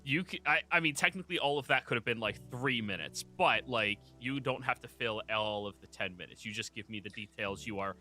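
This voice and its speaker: A man running a tabletop game as dungeon master, explaining rules in a relaxed way. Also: medium pitch, fairly quick, hardly any pauses, faint music behind.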